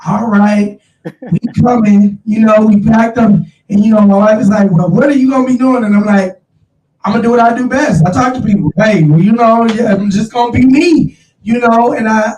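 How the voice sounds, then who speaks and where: A man hosting a casual chat, talking in an animated, slangy way and calling his listeners y'all. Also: high-pitched, far from the mic, slight background noise. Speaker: show host. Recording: roomy, off-mic sound.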